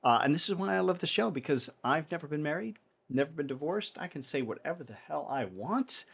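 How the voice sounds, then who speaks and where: Husky, animated podcast co-host man. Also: fairly high pitch, a little fast. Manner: animated, playful, lots of fillers. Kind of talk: casual podcast chat.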